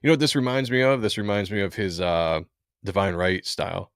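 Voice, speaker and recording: A man's voice: sits low, animated, fairly quick, clear, resonant tone, no room sound, studio quality. A man casually chatting about comic book pages with a co-host, reading viewer comments aloud and laughing often.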